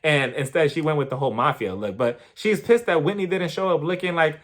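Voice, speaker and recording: A man giving casual, gossipy commentary while reviewing a TV episode, animated and quick to laugh. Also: fairly high pitch. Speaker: TV show reviewer.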